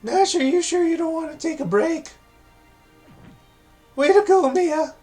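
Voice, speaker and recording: A man voicing a small, bossy winged cat-dragon creature in a shrill, scolding voice. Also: unhurried, a little mellow. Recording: background game music.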